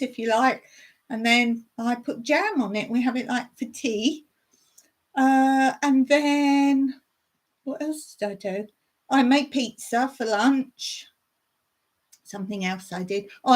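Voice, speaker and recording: A woman hosting a casual live stream from her home in the countryside, chatting in a rambling way and reading viewer comments aloud. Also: mid-range voice. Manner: chatty, rambling, reads viewer chat aloud and laughs often.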